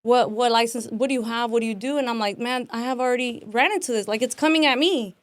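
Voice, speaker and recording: A woman in her twenties with a somewhat high voice tells her own story as a podcast guest. She talks casually, acts out what people said, and fills her speech with "like" and "man." The sound is dry and close. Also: fast talker, dry recording. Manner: animated, acts out quotes, frequent "like" and "man".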